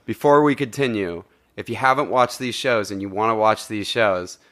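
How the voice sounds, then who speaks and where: A man's voice: fairly low pitch, normal speed, fairly bright tone. A man hosting a podcast in casual comedic chat, rambling and joking, swearing freely. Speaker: podcast host.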